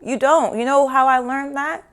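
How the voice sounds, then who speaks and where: A woman's voice: sits high, steady tone, moderate pace, fairly bright tone. A woman giving a casual spiritual teaching talk, loose and conversational, with frequent swearing and asides. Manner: loose and conversational, with frequent swearing and "you know what I'm saying"; breaks into laughter and sing-song asides.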